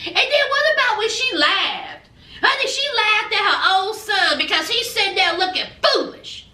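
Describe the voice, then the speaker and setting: A woman's voice: extremely high pitch, big pitch swings, measured pace, pushed and bright. A woman hosting a reality TV recap with sassy, gossipy commentary. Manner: sassy, gossipy, dramatic asides. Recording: echoey room, distance from mic.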